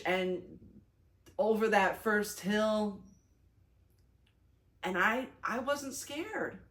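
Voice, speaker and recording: Retelling her day in a casual storytelling recap, a young female vlogger sounds chatty and lively; her pitch is fairly low, and she uses plenty of fillers and keeps restarting herself self-consciously.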